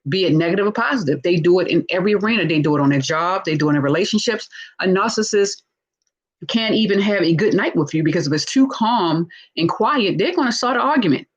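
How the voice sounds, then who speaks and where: A woman hosting a live casual teaching talk, animated and acting out what people say, with frequent checks of "right?". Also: on the low side, low-quality recording. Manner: animated, acts out quoted speech, frequent "right?". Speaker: host discussing narcissistic relationships.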